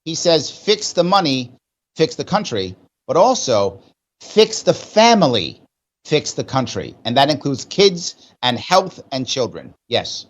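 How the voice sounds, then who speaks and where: A man's voice: mid-range voice, sing-song, unhurried, lo-fi sound. A man with a New York accent, an emphatic political guest in a radio interview who keeps asking rhetorical questions.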